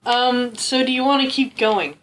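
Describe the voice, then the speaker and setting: A woman's voice: fairly high pitch, moderate pace, background noise. Giggly chatty woman co-host. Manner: giggly, chatty, many fillers. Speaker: podcast co-host. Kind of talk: casual chat.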